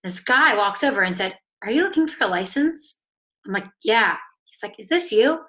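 Bright, animated woman telling a story. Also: mid-range voice, normal speed. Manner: upbeat, animated, acts out dialogue in her story. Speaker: author and coach, guest. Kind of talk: casual storytelling in a podcast interview.

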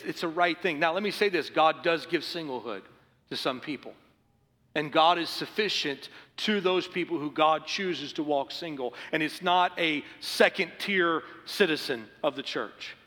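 Middle-aged pastor guy preaching, bright pushy voice, long hall echo. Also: a little high. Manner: earnest preaching, rising to forceful emphasis. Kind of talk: sermon. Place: church sanctuary.

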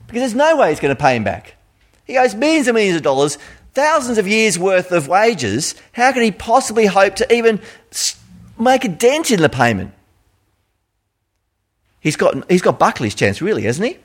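Animated Australian man preaching. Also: high-pitched, moderate pace. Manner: conversational, animated, asks rhetorical questions. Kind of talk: sermon.

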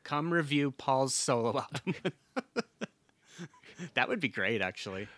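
Bright-voiced man co-hosting a podcast. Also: mid-range voice, big pitch swings, takes it slowly, dry recording. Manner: rambling, laughs often, swears casually. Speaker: podcast co-host. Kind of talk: casual podcast chat.

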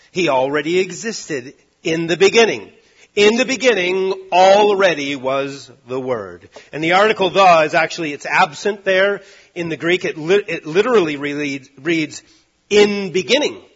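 Emphatic male preacher, husky voice. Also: animated, moderate pace, lo-fi sound. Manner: emphatic, swinging between loud stresses and hushed low lines. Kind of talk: sermon.

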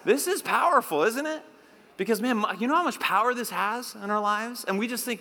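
Animated high-voiced male pastor. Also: a little fast. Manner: animated, playful, leads call-and-response with the congregation. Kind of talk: sermon. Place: church hall. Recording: long hall reverb.

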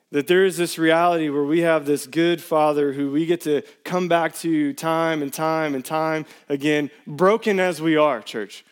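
A man in his thirties preaching a sermon to his church, telling personal stories in a casual, animated way. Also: on the high side. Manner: storytelling, animated, casual slang. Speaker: pastor.

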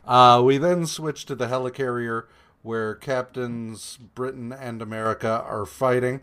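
A man hosting a podcast and recapping comic issues in an unhurried, rambling way. He fills his talk with ums and uhs, swears freely, and sums up the characters' lines with dry sarcasm. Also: mid-range voice, clear, resonant tone. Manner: meandering, profane, many fillers and hesitations; paraphrases characters in a flat, sarcastic retelling. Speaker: podcast co-host. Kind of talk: casual comic-book recap chat.

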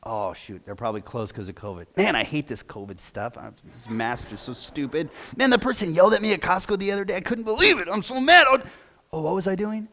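A man's voice: medium pitch, animated, brisk, fairly bright tone, pitched below the performer's own voice. A pastor acting out a distracted man whose prayer drifts into mumbled grumbles. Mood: distracted mumbling. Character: distracted adult man praying, mind wandering. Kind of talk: sermon illustration.

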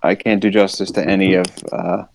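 Male podcast co-host, low pitch, loose rambling conversational delivery. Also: flat delivery, a little fast, creaky, darkish tone, dry recording. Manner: rambling, restarts often, laughs a lot. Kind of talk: casual chat.

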